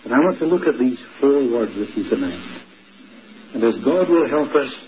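A male preacher giving a sermon, slow and emphatic, dwelling on repeated words. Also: medium pitch, animated. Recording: dull lo-fi recording, faint noise.

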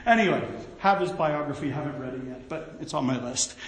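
High-voiced preacher in an echoey hall. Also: male voice, a little fast. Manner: folksy, animated storytelling with asides. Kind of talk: sermon.

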